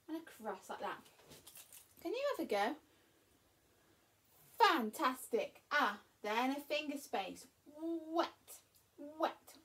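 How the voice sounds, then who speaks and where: A woman's voice: on the high side, a bit bright. A woman teaching a phonics and reading lesson to young children, talking in a sing-song, encouraging way. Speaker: primary school teacher.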